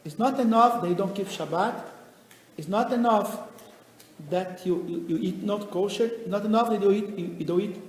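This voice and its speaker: A man voicing a tough, indignant wife who scolds her husband loudly, recorded in an echoey hall. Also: sits high, lively intonation, slow, pauses often. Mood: scolding. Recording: echoey hall, faint noise.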